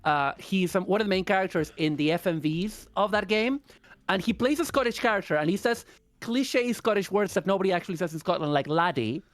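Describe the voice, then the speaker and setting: A woman's voice: medium pitch, fairly quick, no room sound. A woman in her forties from Argentina, a podcast guest chatting casually, joking, teasing and swearing freely. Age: 40s. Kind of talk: casual chat.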